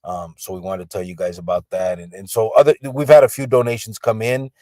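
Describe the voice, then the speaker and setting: A man's voice: lowish voice, little pitch movement, fast, mellow, no echo. Laid-back man chatting from a car. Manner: laid-back, reads viewer comments aloud, swears casually. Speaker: podcast host. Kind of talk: casual livestream chat. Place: parked car in the rain.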